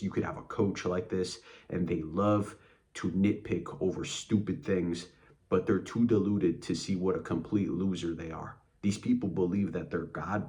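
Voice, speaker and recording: A man's voice: low-pitched, a little mellow. A man delivering an angry motivational rant as a channel host, blunt and contemptuous, with frequent cursing.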